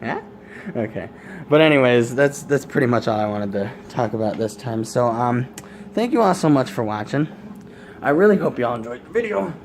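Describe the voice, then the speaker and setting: A man's voice: mid-range voice, animated, normal speed, a little hiss or hum. A young man telling a crude, rambling story to camera in a casual vlog. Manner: rambling, crude jokes, laughs at his own stories. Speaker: vlogger.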